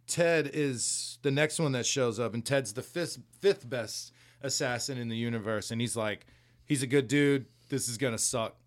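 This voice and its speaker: Rambling, profane podcast host man. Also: mid-range voice. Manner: rambling, profane, laughs as he retells scenes. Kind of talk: casual chat recapping a comic book.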